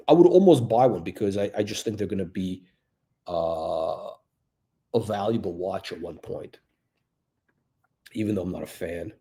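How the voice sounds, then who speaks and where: A man's voice: lowish voice, mellow. A male watch channel host giving blunt, crude, rambling off-the-cuff commentary.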